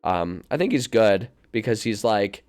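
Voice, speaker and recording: A man's voice: on the low side, unhurried. A young man streaming, thinking aloud in a casual, rambling way with frequent laughs and filler words into a desk mic. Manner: animated and rambling, laughs often, many fillers. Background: faint music.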